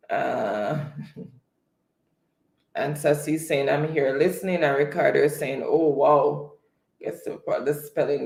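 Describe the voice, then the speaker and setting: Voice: medium pitch, creaky, a little mellow, reverberant. A quiz host running a live spelling game, chatting casually and reading viewers' comments aloud. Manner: unhurried, chatty, reads out comments.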